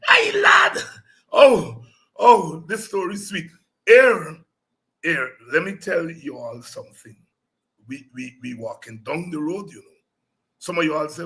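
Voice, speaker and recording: A man hosting a political talk show, telling animated stories and breaking into song. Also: a little high, measured pace, vocal fry, pauses often. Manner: animated storytelling, breaks into singing and shouting. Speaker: show host.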